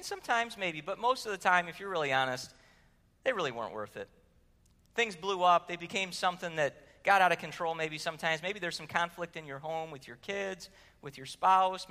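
A man's voice: high-pitched, animated, brisk, bright, forceful tone. A man preaching a sermon in a conversational way, asking the room questions and telling stories. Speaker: pastor. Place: church sanctuary. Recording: long hall reverb.

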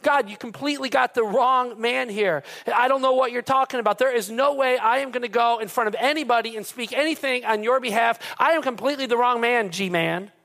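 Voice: medium pitch, fairly quick, few pauses, fairly bright tone, close to an everyday voice. A preacher acting out Moses as a reluctant adult man who protests that he is the wrong man. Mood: protesting. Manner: protesting, flustered.

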